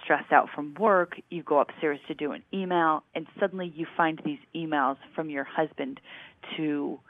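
A co-host talking through a true-crime case in a measured, analytical way, stopping and restarting often. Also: mid-range voice, fairly even intonation, dry recording. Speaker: podcast co-host. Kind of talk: casual chat about a true-crime series. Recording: tinny phone-like remote line.

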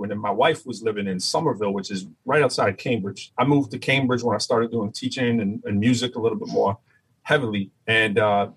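A man from Massachusetts with a Boston accent, a rapper and teacher chatting in an interview and telling animated stories. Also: fairly low pitch, breathy edge, low-quality recording. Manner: animated storyteller, does voices, laughs often. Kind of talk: casual interview chat.

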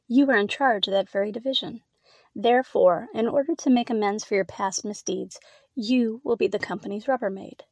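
A woman voicing a stern female manager who speaks slowly and deliberately. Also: medium pitch, dry recording, close to an everyday voice. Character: stern female manager, former college classmate.

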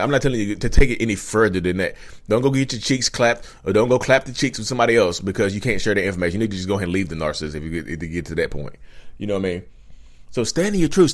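A man hosting a casual advice vlog, talking straight to viewers, animated and repetitive. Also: medium pitch. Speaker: channel host.

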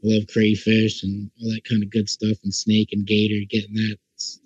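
A man's voice: lowish voice, completely flat delivery, normal speed, a little mellow, breathy edge, no room sound, highs cut off. A man chatting casually as a podcast guest, easygoing and enthusiastic, saying "like" a lot. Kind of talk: casual chat.

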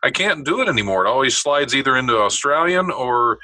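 A man's voice: medium pitch, animated, a little fast, bright, forceful tone, no room sound. A man hosting a casual conversation, easygoing and chuckling along.

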